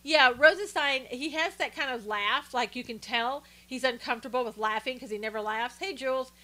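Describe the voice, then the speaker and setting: Bright, chatty woman live-streaming opinions. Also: high-pitched, normal speed. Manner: chatty, opinionated, with frequent fillers and greetings to viewers. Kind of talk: casual political commentary, reading viewer chat.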